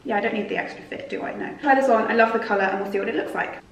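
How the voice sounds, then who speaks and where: A woman's voice: medium pitch, very fast, gravelly, far from the mic, slight background noise. A young British woman in her twenties chatting her way through a clothing try-on haul at home, bubbly and self-mocking. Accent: British English. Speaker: fashion vlogger. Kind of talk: casual try-on haul chat. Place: home room, seated by a sofa. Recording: echoey room, voice a little off-mic.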